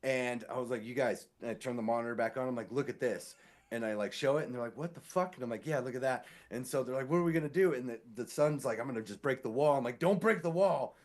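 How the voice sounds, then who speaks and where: Man, podcast co-host, casual storytelling, animated, acts out quotes. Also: mid-range voice, quick pace. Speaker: sewer inspector.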